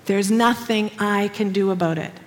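A woman voicing a weary male camp director, speaking low and flat with resignation. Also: normal speed, long reverb tail, close to an everyday voice. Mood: resigned.

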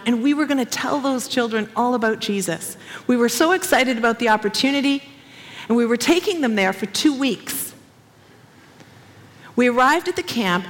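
Woman, sermon storyteller, expressive, fairly high voice, long hall reverb. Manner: animated, expressive storytelling with acted quotes. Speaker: speaker, former missionary.

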